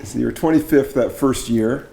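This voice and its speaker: In this casual interview, a middle-aged barbershop arranger and judging chair from Canada chats admiringly and enthusiastically with another singer, restarting often. His gravelly, mellow mid-range voice moves at normal speed, and the room sounds spacious.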